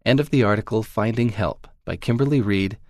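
A man narrating a magazine story aloud in a calm, measured, even reading. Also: fairly low pitch, no echo, studio quality.

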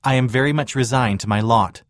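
A man's voice: medium pitch, fairly quick, no room sound, studio quality, natural voice. A man voicing a resolute imprisoned prophet who speaks in an earnest, firm way. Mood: earnest resolve.

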